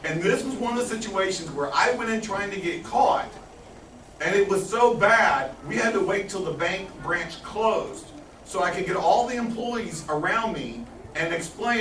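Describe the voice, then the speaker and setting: A man giving a talk to a live audience, telling a story in an animated way and laughing often. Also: high-pitched, normal speed. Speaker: guest speaker. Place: meeting room with audience. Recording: echoey room, far from mic, noisy.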